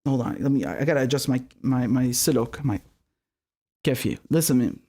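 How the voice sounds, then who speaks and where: A man's voice: medium pitch, brisk, warm tone. A man hosting a political livestream, reading viewer messages and then ranting in an angry, profane, repetitive way. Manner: profane, angry, repeats himself. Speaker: political commentary host.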